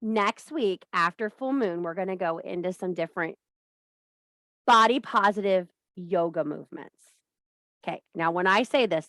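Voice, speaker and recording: A woman's voice: on the low side, normal speed, fairly bright tone, no room sound. A woman hosting a casual spiritual coaching talk who swears freely, laughs at her own jokes and talks in a bawdy, joking way. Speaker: host of a witchcraft and wellness group.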